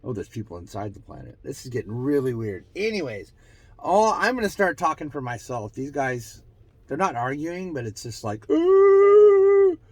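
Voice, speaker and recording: A man's voice: sing-song, normal speed, breathy edge. A man hosting his own show, musing aloud in a rambling, self-mocking way, trailing off and restarting as he relays channeled messages. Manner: pitch and loudness swing widely, from bright bursts to low mutters. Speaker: host. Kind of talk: casual spiritual channeling monologue.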